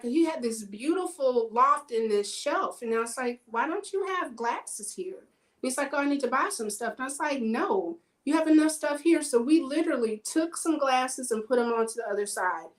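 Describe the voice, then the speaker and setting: A woman telling personal stories in casual chat, animated and acting out the dialogue in her stories. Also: sits high, normal speed, poor audio. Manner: animated, acts out quoted dialogue.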